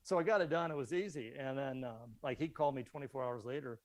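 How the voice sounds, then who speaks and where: A man's voice: mid-range voice, fast talker. A middle-aged man with a mid-range voice tells a story casually as a podcast guest. He slips into the voices of the people he quotes. The sound is dry and close, with no room echo. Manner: animated anecdote teller who acts out both sides of conversations. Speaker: podcast guest, magazine publisher.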